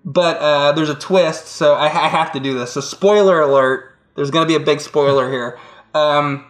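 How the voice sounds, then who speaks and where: A man's voice: fairly high pitch, steady tone, normal speed, soft background music. A man co-hosting a casual chat, telling rambling stories with laughs and acted-out voices. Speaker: co-host. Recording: roomy echo.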